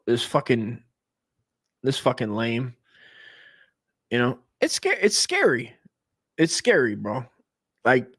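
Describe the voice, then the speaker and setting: A comedy podcast host in his forties delivers a crude, rambling monologue, trailing off and starting over as he goes. His voice is on the high side and fairly bright, recorded in a clean studio with no echo.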